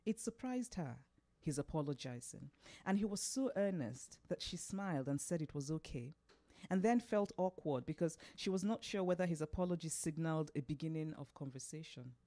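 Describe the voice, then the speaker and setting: Novelist reading her fiction aloud. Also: low voice. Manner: unhurried, expressive, laughs at slips.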